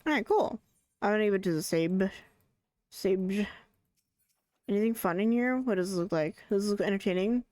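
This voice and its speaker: A woman streaming a game live, chatty and excitable, thinking aloud and restarting her sentences. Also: mid-range voice, moderate pace, long pauses, dry recording, clean studio sound. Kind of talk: casual live gaming commentary.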